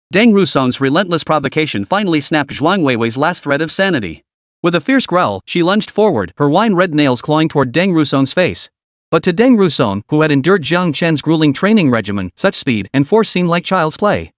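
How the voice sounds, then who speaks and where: A man narrates a comic recap in a dramatic storytelling manner. His voice sits slightly high and moves lively in pitch. The sound is dry and close. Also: fairly quick, dry recording.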